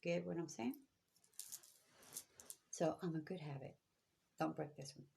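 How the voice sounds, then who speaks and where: Low gravelly woman giving spiritual advice. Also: unhurried, mellow, a little hiss or hum. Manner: preachy, repetitive, emphatic. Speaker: spiritual reader. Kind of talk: spiritual guidance livestream.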